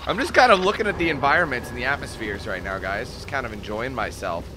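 A man giving casual, excitable gameplay commentary, swearing often and yelling when things go wrong. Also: mid-range voice, fast talker, background noise. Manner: excitable, swears a lot, yells when panicked. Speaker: let's play commentator.

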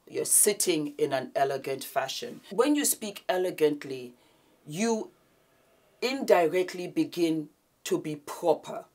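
A woman hosting an etiquette vlog, talking to her viewers and moving between big loud greetings and soft, hushed demonstrations. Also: sits low, expressive, unhurried. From Nigeria. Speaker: etiquette vlogger. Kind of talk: casual etiquette lesson to camera.

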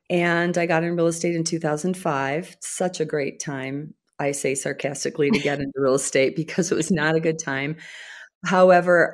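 A woman's voice: low voice, gravelly. An older woman talking as a podcast guest, upbeat and self-deprecating, laughing easily. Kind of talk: conversational interview.

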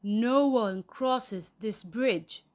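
A wicked, hungry troll from a picture-book tale bellows and growls his threats, as a woman reading aloud puts him on. The voice sits fairly high for a monster but comes out loud and slow, every word pushed hard. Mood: growling. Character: wicked greedy bad-tempered male troll.

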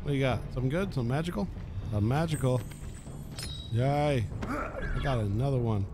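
A man's voice: mid-range voice, moderate pace, noisy background. A man casually commenting on a video game as he plays, chatty and sarcastic, swearing freely. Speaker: let's play host. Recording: game music under the voice.

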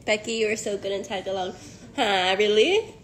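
A woman's voice: medium pitch, moderate pace, slight background noise. A young woman hosting a casual live stream, giggly and playfully teasing as she chats. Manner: giggly, playful teasing, switches between English and Thai.

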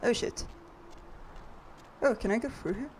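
A woman's voice: a little high, a little slow, heavy background noise. A woman giving casual let's-play commentary, flustered and swearing, chanting "nope" over and over. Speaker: gaming video creator.

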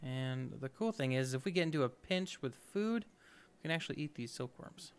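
A man's voice: medium pitch, lively intonation, normal speed, clear, resonant tone. A man hosting a let's play, giving upbeat, chatty gameplay commentary and thinking aloud as he goes.

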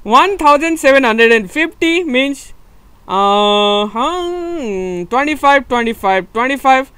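Young male streamer with a Nepali accent, excitable live commentary, laughs a lot, repeats himself. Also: very high-pitched, takes it slowly, smooth. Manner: excitable, laughing, repeats words, switches between English and Nepali. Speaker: gaming streamer.

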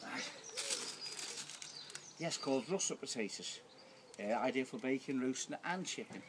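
A man's voice: mid-range voice, animated, a little slow, a little hiss or hum. An older man casually talking through his gardening work in an outdoor garden, rambling with plain words and many restarts. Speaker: home gardener. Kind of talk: casual narration while gardening. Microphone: camera held by someone filming. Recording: loud outdoor ambience with birds. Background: birdsong.

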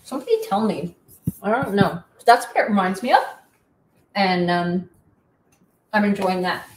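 A woman's voice: medium pitch, animated, normal speed, recorded from a distance, slight background noise. A middle-aged woman from Canada, hosting in a casual, rambling, chatty way. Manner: chatty, rambling, self-deprecating. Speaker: host. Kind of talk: casual chat. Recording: echoey room from off-mic.

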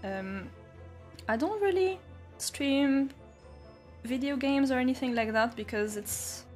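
A woman's voice: high voice, lively intonation, takes it slowly, soft background music. A young woman streaming while painting, chatting casually and reading out chat messages with frequent giggles.

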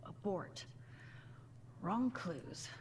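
A woman's voice: mid-range voice, lively intonation, drawn-out words, darkish tone, a little hiss or hum. A woman voicing a teenage girl in a video game who pieces together clues with dry, sarcastic asides. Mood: musing. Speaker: game character.

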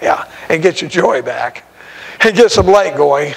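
A man preaching an informal sermon as a visiting evangelist, breaking often into laughs and shouts of praise. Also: on the high side, lively intonation, unhurried, vocal fry, slightly rough, poor audio.

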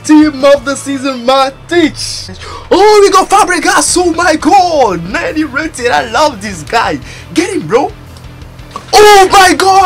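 A man giving excitable pack-opening commentary for a video game, exclaiming and shouting over each pick. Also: very high voice. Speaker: gaming YouTuber.

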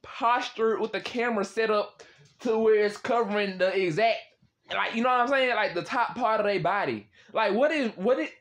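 Lively, slangy young man. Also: high voice. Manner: slangy, swears often, loud exclaiming reactions and laughs. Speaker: host chatting with strangers on a random video chat app. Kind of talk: casual chat.

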